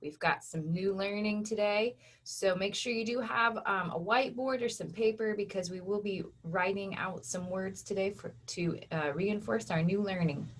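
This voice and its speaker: A woman teaching an online phonics lesson to children, patient and slow on the example words. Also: medium pitch.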